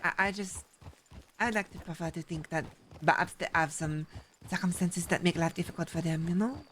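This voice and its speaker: A woman's voice: lowish voice, brisk, a bit bright, a little hiss or hum, lightly acted. A woman voicing a fussy, gossipy French artist, a frontier-era busybody who speaks formally without contractions, in an in-character roleplay chat. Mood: fretful.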